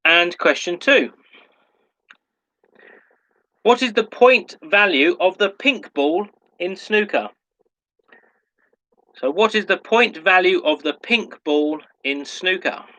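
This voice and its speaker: A quiz host reads pub quiz questions in a bright, forceful, rather high voice, going slowly and deliberately and repeating each question so players can follow. He's animated and teases himself when he stumbles over a word, and the recording is rough.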